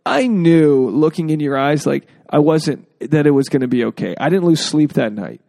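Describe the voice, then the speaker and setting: A man's voice: fairly high pitch, lively intonation, normal speed, gravelly, warm tone, no room sound. A man hosting a casual podcast, joking freely and acting out quotes in exaggerated voices. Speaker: podcast host.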